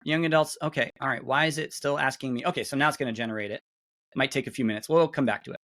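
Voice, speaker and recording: On a video call, a middle-aged webinar guest speaker casually walks through software on a shared screen, speaking into a computer mic. He's chatty and keeps interrupting himself, full of fillers and restarts, with a mid-range voice and a very fast delivery.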